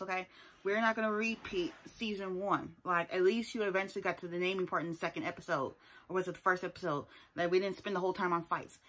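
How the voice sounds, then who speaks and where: A TV show reviewer gives a casual, sassy recap of a reality TV episode, driving her points home with emphatic asides and often tagging them with "okay?". Her voice is fairly low and a bit bright.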